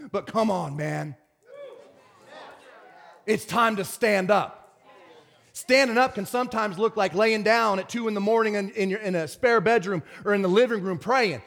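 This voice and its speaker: A man preaching a lively sermon as pastor, swinging from loud bursts to hushed whispers. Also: extremely high pitch, moderate pace, vocal fry.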